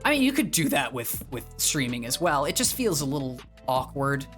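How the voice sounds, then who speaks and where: A man's voice: mid-range voice, sing-song, normal speed, a bit bright. Young male streamer from the Northeast US, casual chat, rambling with lots of fillers, faint background music. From northeastern US, near Boston. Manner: rambling, with many fillers and restarts.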